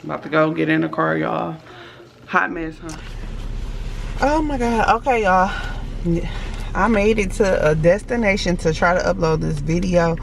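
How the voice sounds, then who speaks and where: A woman's voice: fairly low pitch, a little slow, creaky, a little hiss or hum. A woman vlogging casually, chatting to her viewers as y'all while she runs errands, cleans up and waits in her car, talking into a handheld phone. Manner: switches to soft whispers late at night. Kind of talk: casual vlog chat. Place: at home and in stores and car.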